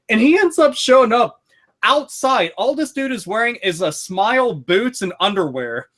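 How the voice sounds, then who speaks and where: High-voiced man, excitable and profane. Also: moderate pace. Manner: profane, excitable storytelling with frequent swearing. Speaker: podcast host reviewing a video game. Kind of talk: casual podcast chat.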